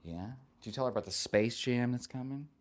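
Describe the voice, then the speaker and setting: A man's voice: mid-range voice, a little fast. A man hosting a casual live stream, reading viewer comments aloud and answering them in a playful, joking and affectionate way.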